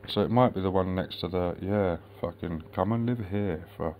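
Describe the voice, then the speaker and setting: Low gravelly man rambling and swearing. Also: normal speed, a little mellow, a little hiss or hum. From United Kingdom. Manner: rambling, swears constantly, mutters asides. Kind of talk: rambling monologue vlog.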